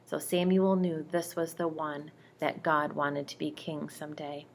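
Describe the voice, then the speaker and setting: A woman telling bible stories to a child, gentle and speaking directly to the listener. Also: low voice, steady tone, unhurried, creaky, slight background noise. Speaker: storyteller reading to a child. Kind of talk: bedtime bible storytelling.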